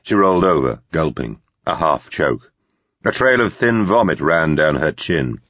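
A man narrating a thriller audiobook in a measured, grave way. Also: very deep voice, very animated, fairly bright tone, no echo. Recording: dull, slightly lo-fi recording.

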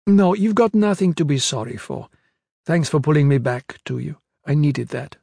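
A man's voice: fairly high pitch, expressive, normal speed, vocal fry, dark tone, dry recording, studio quality, pitched above the performer's own voice. A man voicing a young newlywed woman who is earnest and defensive in an audiobook reading. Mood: apologetic.

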